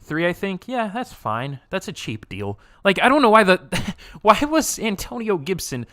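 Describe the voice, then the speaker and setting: A young man live streaming, reacting and reading chat aloud in an excitable way, laughing often and swearing casually. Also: high voice, moderate pace, no room sound, clean studio sound.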